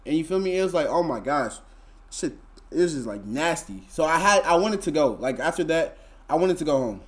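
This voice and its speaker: A man's voice: on the high side, animated, fairly quick. A young man, telling a story to his live chat in a laid-back, slangy, rambling way full of fillers. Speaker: streamer.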